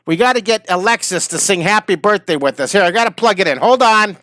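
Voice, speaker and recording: In a relaxed live stream, a drawing teacher in his fifties rambles to viewers, sounding tired and slightly wheezy. His high-pitched voice is fast, pushed and bright with lively intonation, recorded dry with clean studio sound.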